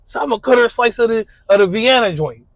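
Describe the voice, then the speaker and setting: A man with a fairly high voice tells a relaxed, slangy story in casual monologue. He leans on fillers and loose street talk. The recording is close and dry, with no room sound. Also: fast, dry recording, low-quality recording. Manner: laid-back, slangy storytelling with frequent fillers. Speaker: guest describing his ideal date.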